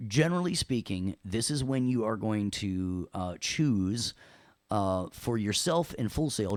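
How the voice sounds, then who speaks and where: A man teaching an audio software lesson in a casual, playful way, tossing in corny jokes between the steps. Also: fairly low pitch, no echo, studio quality. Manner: playful, joking, chatty with corny puns. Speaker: audio production instructor.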